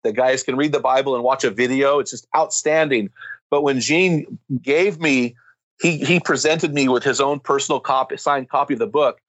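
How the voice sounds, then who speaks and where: A man's voice: mid-range voice, normal speed, fairly bright tone, dry recording, rough recording. Fervent preaching man, dry sound. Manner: emphatic, builds to fervent climaxes. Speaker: guest speaker on men's ministry. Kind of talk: impassioned preaching-style storytelling.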